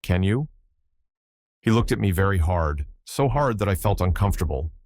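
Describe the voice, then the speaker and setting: A man narrating a classic mystery audiobook in a measured, even way. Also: low voice, no room sound, clean studio sound. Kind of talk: scripted narration.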